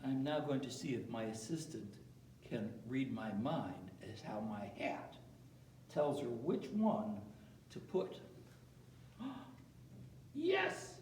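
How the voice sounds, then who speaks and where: A man's voice: medium pitch, lively intonation, slow, warm tone, reverberant, far from the mic, a little hiss or hum, poor audio. A man teaching a playful, chatty geography lesson who keeps asking his audience questions. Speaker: science educator.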